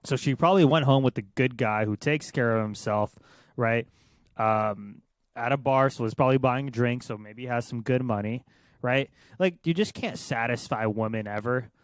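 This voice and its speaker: A man's voice: mid-range voice, moderate pace, no echo. A young man co-hosting a podcast, giving crude, blunt opinions in a rambling way. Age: young adult. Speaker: podcast co-host. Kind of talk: casual chat.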